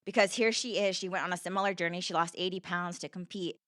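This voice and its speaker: A woman's voice: fairly low pitch, fairly even intonation, fast talker, a bit bright, no room sound, clean studio sound. Earnest young woman telling her story. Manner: earnest, repeats herself, many "like" fillers. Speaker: podcast guest. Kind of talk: conversational storytelling.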